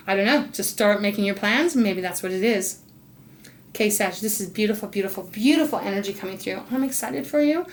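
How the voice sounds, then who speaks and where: A bubbly woman reads tarot in a casual, effusive monologue, gushing with excitement and dropping to soft murmurs. Her voice sits at an ordinary middle pitch. A faint hiss runs under the recording. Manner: talks to spirit, murmurs softly while drawing cards. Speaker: intuitive tarot reader.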